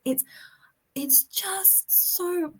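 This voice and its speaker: A woman's voice: very high-pitched, extremely slow. A woman telling stories as a guest in a casual chat, restarting sentences as she goes. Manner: chatty storyteller with many restarts.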